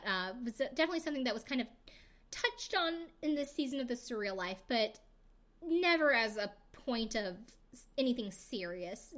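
A young adult woman hosts a podcast in a relaxed, chatty way. She rambles through a recap with plenty of fillers and playful side comments, keeping it casual and conversational. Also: a little high. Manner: chatty, filler-heavy, jokey asides. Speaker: podcast host.

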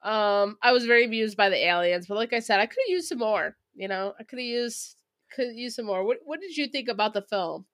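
Young woman podcast co-host, bright and chatty, dry close mic. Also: fairly high pitch, brisk, dry recording. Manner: chatty, acts out quotes in animated voices. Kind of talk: casual movie review chat.

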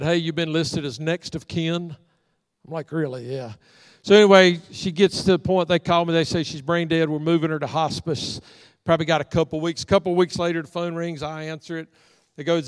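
High-voiced pastor telling stories. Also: male voice, no echo, big-room sound. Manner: folksy storyteller acting out dialogue. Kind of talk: storytelling sermon. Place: church sanctuary.

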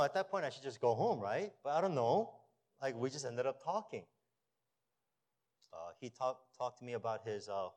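A pastor delivers an animated sermon to his church, climbing to emphatic peaks and then sinking into a low storytelling voice.

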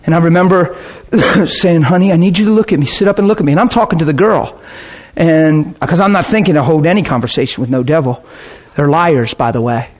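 A man preaching, telling a lively testimony story with laughter and a short sung passage. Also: fairly high pitch, a little fast, hardly any pauses. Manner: animated storytelling, bursts of laughter, sings a hymn line. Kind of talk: testimony sermon.

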